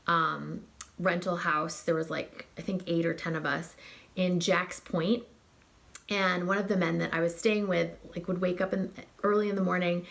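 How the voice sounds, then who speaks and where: A young woman with a lowish, slightly bright voice reviews perfumes in a casual chat. As a fragrance reviewer, she gushes and rambles, packing her talk with fillers and "likes."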